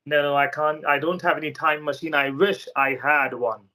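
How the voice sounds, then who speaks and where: A man's voice: fairly high pitch, fairly even intonation, normal speed, pushed and bright. Friendly man teacher. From India. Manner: friendly, patient questioning with frequent laughs. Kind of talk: casual interview chat.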